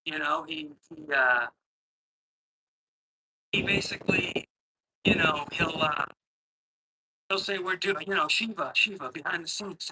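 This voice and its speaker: Middle-aged man, caller on a computer mic, rambling and hesitant, swears a lot, very bright and sharp tone. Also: a little high, unhurried, pauses often, slight background noise, rough recording. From Boston, Massachusetts. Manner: rambling, hesitant, profane ranting. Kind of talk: casual call-in chat. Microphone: computer microphone.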